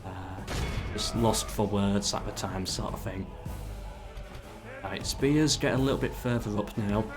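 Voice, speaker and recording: A man's voice: on the low side, unhurried. A man casually commenting while playing a strategy game live, ordering his troops and chatting with viewers. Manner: chatty, gives orders to troops, talks to chat. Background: game music.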